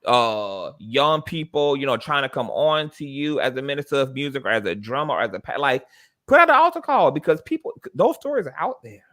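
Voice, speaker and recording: A man's voice: medium pitch, sing-song, a little fast, hardly any pauses, a bit bright. A man talking as a guest in a casual video call, stressing his points and repeating them for weight. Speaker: guest, fellow live-streamer.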